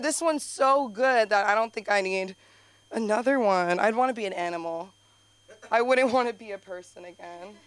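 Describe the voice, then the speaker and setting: A young woman doing open-mic stand-up, rambling with lots of fillers and sudden high jumps in her voice. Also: fairly bright tone. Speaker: stand-up comedian. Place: comedy club stage.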